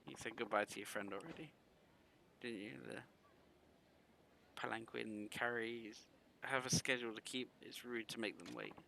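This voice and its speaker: A man voicing a patient father who hurries his daughter along, read aloud in a calm, gently firm way. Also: medium pitch, normal speed, gravelly, a little hiss or hum, poor audio.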